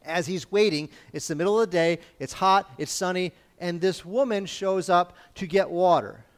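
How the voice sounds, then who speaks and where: A man's voice: high-pitched, moderate pace, clear, resonant tone. A man preaching in a conversational Bible-teaching style, informal and often checking in with his listeners.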